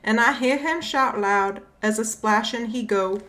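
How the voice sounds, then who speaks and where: A woman's voice: fairly high pitch, measured pace, a bit bright. A woman reading a dialect Christmas poem aloud, putting on a Cajun accent with a drawling, rhyming storybook cadence. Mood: folksy. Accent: put-on Cajun.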